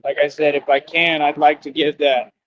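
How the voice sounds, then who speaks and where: A man's voice: a little high, little pitch movement, normal speed, highs cut off. A man ranting boastfully and scornfully on a live stream.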